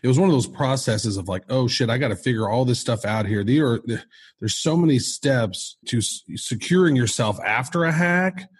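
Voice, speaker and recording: A man's voice: medium pitch, moderate pace, slight background noise. A man co-hosting a casual podcast, explaining step by step in a playful way. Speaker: podcast co-host.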